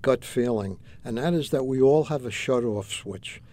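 A man's voice: medium pitch, moderate pace, mellow. A man co-hosting a casual talk show, making dry, wry asides. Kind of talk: casual chat.

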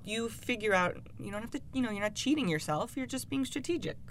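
Woman guest expert, steady and even advice, slight background hiss. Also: a little high. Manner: calm, measured, lots of you-know fillers. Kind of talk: casual advice chat.

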